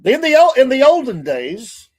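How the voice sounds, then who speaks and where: A man's voice: very high voice, huge pitch swings, normal speed, darkish tone. A man co-hosting a casual livestream, reading viewer comments and telling rambling stories full of restarts. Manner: rambling storyteller with many restarts and fillers.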